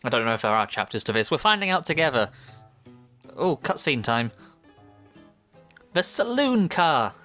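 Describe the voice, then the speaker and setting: A man's voice: medium pitch, expressive, a little fast, pushed and bright, soft background music. A man playing a video game, reading its dialogue aloud and adding playful, chuckling asides. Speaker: gaming video host.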